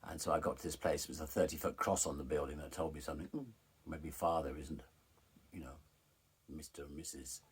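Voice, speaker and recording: A man's voice: very deep voice, steady tone, fast, husky. A middle-aged man frankly telling a personal story, retelling scenes with animation.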